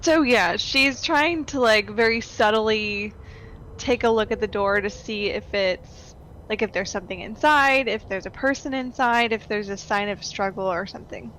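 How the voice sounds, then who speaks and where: A woman's voice: medium pitch, moderate pace, a bit bright, a little hiss or hum, poor audio. A woman playing a tabletop game, talking casually and often laughing. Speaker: player. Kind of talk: tabletop role-play.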